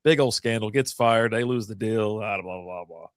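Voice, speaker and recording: A man's voice: lowish voice, moderate pace, no room sound, clean studio sound. A man co-hosting a casual movie review chat who laughs often while animatedly retelling scenes. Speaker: podcast co-host.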